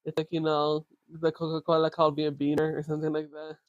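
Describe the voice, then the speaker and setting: Teasing man with a higher voice. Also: completely flat delivery, no room sound, lo-fi sound. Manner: teasing, quick interjections. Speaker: podcast co-host. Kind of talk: casual chat.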